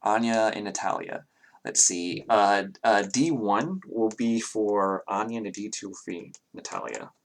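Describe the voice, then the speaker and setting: Male game master, lower voice, halting casual narration. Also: expressive, creaky. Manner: hesitant, many fillers and restarts.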